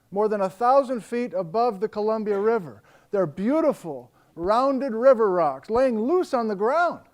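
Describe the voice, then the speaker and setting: Lively high-voiced American male lecturer, storytelling delivery. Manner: animated storyteller, acts out quoted dialogue. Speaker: geology lecturer. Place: lecture hall before a live audience.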